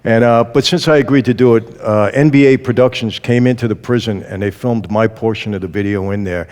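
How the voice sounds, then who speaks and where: A man guest giving his testimony in an interview, a lively storyteller who acts out the dialogue he quotes. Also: fairly low pitch, a little fast, big-room sound.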